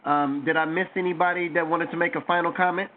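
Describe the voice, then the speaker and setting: A man hosting a call-in radio talk show, taking callers and closing with a drawn-out, preachy sermon-like speech. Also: a little high, fairly even intonation. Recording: tinny phone-line sound with faint noise.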